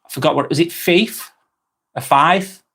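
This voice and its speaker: A man in casual live-stream mode, voice sitting slightly high for a man. He rambles gently through viewer comments with plenty of fillers and sorrys. He sounds slightly under the weather. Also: slightly rough. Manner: slow, relaxed, rambling with many fillers and apologies.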